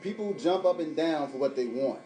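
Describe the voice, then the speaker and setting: A man's voice: on the high side, expressive, brisk, mellow, echoey room, low-quality recording. A man on a podcast explaining his view in a plain-spoken casual chat.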